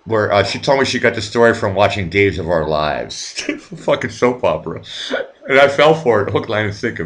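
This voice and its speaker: A man with a fairly low voice chats casually as host of a livestream. His pitch rises and falls very freely as he rambles, repeating words and restarting sentences. He swears in passing and keeps the talk loose and unscripted. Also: a bit bright.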